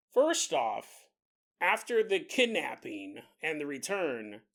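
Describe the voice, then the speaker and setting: A man hosting a podcast, telling a strange story in a joking, animated way and often laughing. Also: on the high side. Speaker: podcast host. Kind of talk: comedic storytelling.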